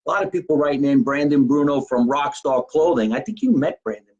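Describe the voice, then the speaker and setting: A man from New Jersey hosting a casual live podcast, talking in an animated way. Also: on the high side, a little fast, dull audio, crowd noise. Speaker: podcast host.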